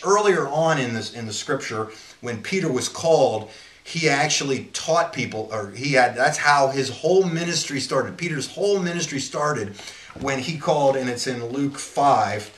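Man, mid-pitched, informal Bible teacher, earnest and rambling, recorded in an echoey room. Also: moderate pace, a bit bright. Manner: earnest, rambling, often restarts sentences.

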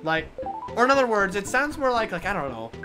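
Brief: lively, expressive woman streaming a game, game music playing under her. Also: medium pitch, fairly quick. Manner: animated, swears a lot, yells at enemies. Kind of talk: casual live-stream commentary.

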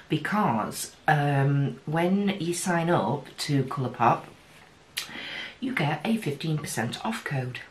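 A woman from the UK chatting casually through a makeup unboxing, giddy, with gasps and breathy exclamations. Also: a bass voice, a little hiss or hum. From United Kingdom. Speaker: beauty vlogger.

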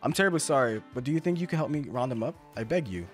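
A man's voice: medium pitch, lively intonation, very fast, faint music behind, lightly acted. A man reading the dialogue of a genteel, polite male professor aloud with formal, old-fashioned courtesy.

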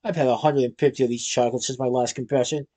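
A man's voice: mid-range voice, steady tone, fast, warm tone, voice pushed down, lightly acted. A man voicing a large, pompous male police chief who speaks in a humdrum, bored tone.

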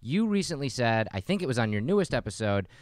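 A man's voice: mid-range voice, big pitch swings, quick pace, no echo, studio quality. A man hosting a podcast, asking casual, hesitant questions with plenty of ums. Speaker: podcast host. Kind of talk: casual interview.

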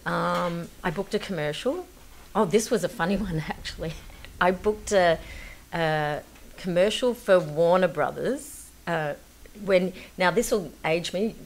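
A woman tells anecdotes on a talk show. Her voice sits a little low, and she often laughs as she talks, filling her stories with ums and you-knows. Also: unhurried, slight background noise. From Australia. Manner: chatty, laughing storyteller, many fillers. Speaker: guest actress.

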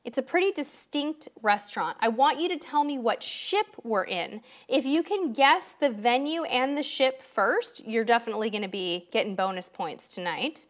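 Vrolijke vrouw die een livestream leidt. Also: female voice, a little high, lively intonation, normal speed, hardly any pauses. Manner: chatty, upbeat, addresses viewers directly. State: tired. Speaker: livestream host. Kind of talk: casual live-stream chat.

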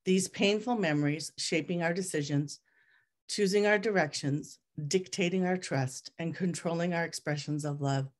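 In her low voice, the author shares a passage from her memoir with a group reading audience. Her pace never wavers from line to line, and her tone stays measured and reflective.

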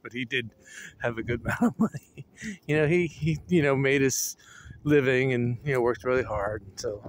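A man's voice: medium pitch, slight background noise. A man casually rambling through a story with fillers and chuckles, recorded outdoors on a phone. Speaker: vlogger. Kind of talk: casual chat. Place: outdoors at home while walking a dog.

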